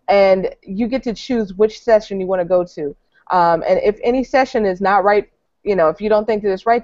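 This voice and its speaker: A woman's voice: medium pitch, a little mellow, no room sound. A woman co-hosting an online teacher workshop, talking informally and upbeat with lots of fillers. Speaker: co-host of an online teacher edcamp. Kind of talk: casual online meeting talk. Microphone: video call. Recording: dull, dry video-call audio.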